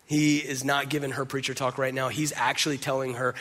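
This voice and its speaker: A man's voice: medium pitch, level tone, a little fast, few pauses, pushed and bright. A man preaching a conversational sermon, speaking casually and directly to the congregation. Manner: casual and direct, addresses listeners as "y'all", uses filler "like". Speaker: pastor.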